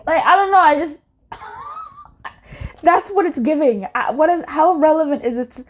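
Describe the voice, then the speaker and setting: A woman talks through a casual pick-a-card tarot reading. Her voice sits a little high and moves a lot in pitch. She is playful and slangy and breaks into laughter often. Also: sing-song, a little slow, long pauses.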